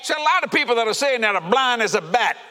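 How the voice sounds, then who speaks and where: Fiery high-voiced preacher. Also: male voice, expressive, quick pace. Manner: fervent preaching with shouts and laughter. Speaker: pastor. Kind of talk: sermon. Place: church sanctuary. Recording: reverberant church hall.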